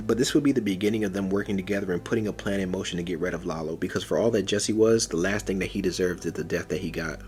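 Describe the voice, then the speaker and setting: Male storyteller for fan stories, deep voice, brisk and casual delivery. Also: a little mellow, soft background music. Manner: rapid, casual retelling.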